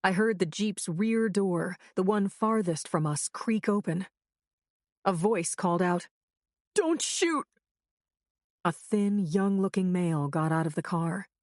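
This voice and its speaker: A woman's voice: fairly low pitch, unhurried, no room sound, clean studio sound. A woman narrating a crime thriller audiobook in the first person with a tense, urgent reading.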